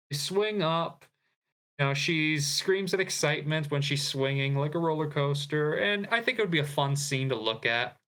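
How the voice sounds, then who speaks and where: A man's voice: fairly high pitch, unhurried, fairly bright tone, smooth. A man co-hosting a podcast in casual chat, retelling a script with fillers and asides. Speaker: podcast co-host.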